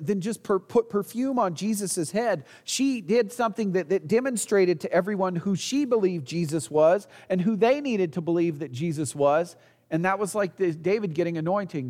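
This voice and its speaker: A man's voice: sits high, a little mellow, big-room sound. A man preaching a sermon as pastor, earnest, asking the congregation rhetorical questions and sometimes restarting a phrase.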